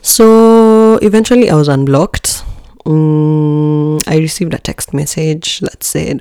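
Gravelly-voiced woman telling a candid story. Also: slow pace, no room sound. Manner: candid and expressive, with jumps in pitch and level; joking asides to listeners. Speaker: podcast host. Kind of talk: casual personal storytelling.

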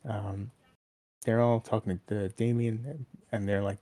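A man's voice: fairly low pitch, flat delivery, takes it slowly, mellow, no echo. A man co-hosting a wrestling review podcast in casual chat, wry and sarcastic, acting out what people said. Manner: wry, sarcastic, acts out quotes. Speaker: podcast co-host.

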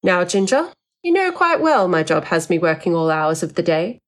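Woman reading a mild, measured older man. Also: on the low side, sing-song. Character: older man, neat, mild, guarded official.

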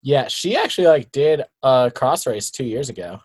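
Young male guest, casual and rambling, lively pitch, dry recording. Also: normal speed, breathy edge, no echo. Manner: rambling, many "like" fillers. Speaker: guest, bike racer. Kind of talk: casual chat.

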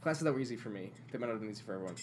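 A young man co-hosting a podcast, talking in a dry, self-deprecating way with quiet asides. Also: on the low side, lively intonation, rapid-fire, slight background noise. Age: young adult. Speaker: podcast co-host. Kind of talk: casual chat.

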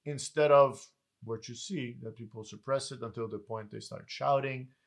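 A man speaking at an ordinary middle pitch in a casual conversation. He thinks aloud, drifting from point to point. His talk is loose and full of fillers. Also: steady tone, normal speed. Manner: reflective, rambling with many fillers. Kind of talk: casual chat.

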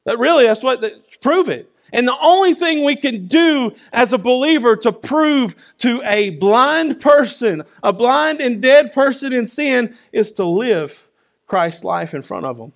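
A man preaching a sermon in a conversational way, often asking "right?" and moving between loud and soft. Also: very high voice, expressive, measured pace, creaky. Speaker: pastor.

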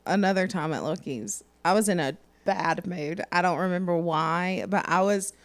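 A woman's voice: fairly low pitch, normal speed. Laughing young woman on a podcast. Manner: laughs often, chimes in. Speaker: podcast co-host. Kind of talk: casual chat.

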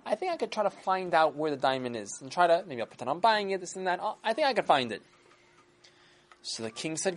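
A storyteller telling a story to children, animated and quizzing the listeners along the way. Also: mid-range voice, fast. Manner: animated, asks listeners questions.

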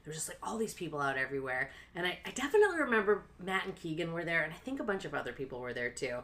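A woman on a podcast, telling a story with lots of laughs and high-pitched quoted voices. Her voice sits a little low for a woman but sounds bright and forward. She talks in a loose, chatty way, full of "like" fillers. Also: sing-song, rapid-fire. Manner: frequent "like" fillers. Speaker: podcast co-host. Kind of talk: casual storytelling chat.

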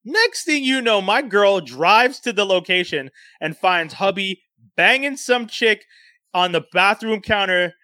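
A man with a high, bright voice recounts a plot in a casual chat, animated and full of profanity. The sound is dry and close, with no room around him. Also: measured pace, dry recording. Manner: animated, profane, laughing storyteller. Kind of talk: casual storytelling recap.

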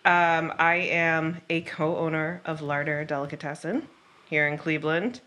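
A woman from Oklahoma with a lowish but bright, forward voice, talking as a podcast guest. She is relaxed and self-deprecating, filling her answers with ums. A faint hiss of noise sits under the recording. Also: unhurried. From Oklahoma, USA. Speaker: podcast guest, bakery co-owner and pastry baker. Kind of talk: casual chat.

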